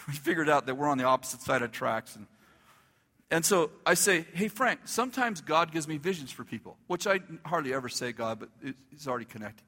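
A male pastor telling a story in a sermon, animated, acting out the dialogue and laughing as he goes. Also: on the high side, brisk, in a large hall.

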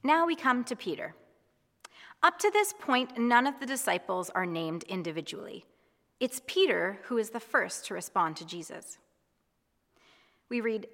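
A woman giving a gentle, reassuring devotional sermon, speaking in a reflective way. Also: fairly high pitch, expressive, unhurried, long pauses, big-room sound. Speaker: preacher.

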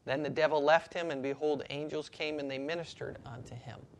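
A man preaching a sermon as pastor, building repetitive lines and slowing down for emphasis. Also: on the high side, fairly even intonation, creaky.

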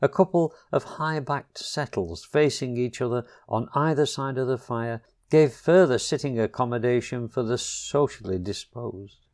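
A man reading a children's storybook chapter aloud, slow and expressive. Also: mid-range voice.

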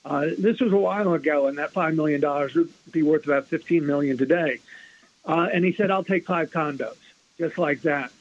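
A man speaking as an author guest in a radio interview, talking quickly and emphatically with frequent restarts. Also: fairly high pitch. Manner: fast, restarts a lot, emphatic. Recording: muffled lo-fi radio broadcast.

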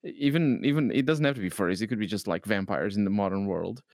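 Fast-talking, blunt man. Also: lowish voice, a little mellow, no room sound, clean studio sound. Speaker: podcast co-host. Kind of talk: casual chat.

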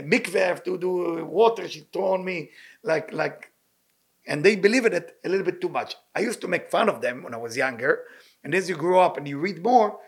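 Male Torah teacher, higher register, husky, earnest, broken English. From Libyan Sephardic family. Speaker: rabbi teaching weekly Torah portion. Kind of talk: informal Torah lesson.

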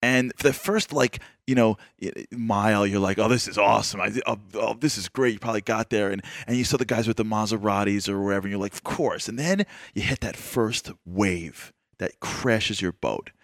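A man interviewing a guest, his voice on the low side. He asks long, winding questions with animated energy. The sound is close and dry, with no room echo. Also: normal speed, hardly any pauses. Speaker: interviewer and radio show host. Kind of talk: conversational interview.

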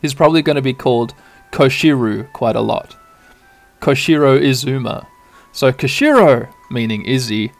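A man hosting a podcast, casually narrating a game playthrough in a relaxed, rambling way. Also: mid-range voice, moderate pace, vocal fry, faint music behind. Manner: relaxed, rambling, with filler ums. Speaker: podcast host.

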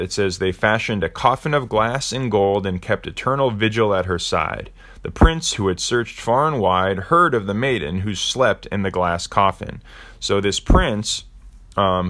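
A man's voice: low-pitched, fairly bright tone. A man casually retelling a movie plot, rambling along with plenty of ums and uhs.

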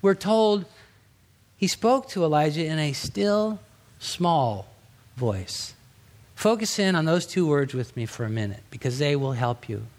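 A middle-aged man preaching a sermon as a pastor, chatty and conversational, acting out quotes with sudden rises and hushed drops. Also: fairly high pitch, moderate pace.

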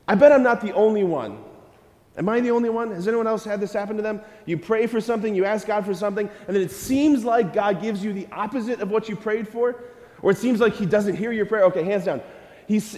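Animated high-voiced man preaching in a church. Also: normal speed, big-room sound. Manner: animated, acts out prayers in a raised voice, engages listeners with questions. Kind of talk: sermon to a church audience.

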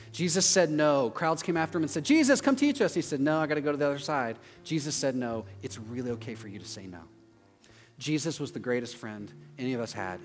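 A man in his thirties, a pastor giving a conversational sermon, acting out quotes with sudden loud yelps. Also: on the high side. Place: church auditorium. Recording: long hall reverb, faint music.

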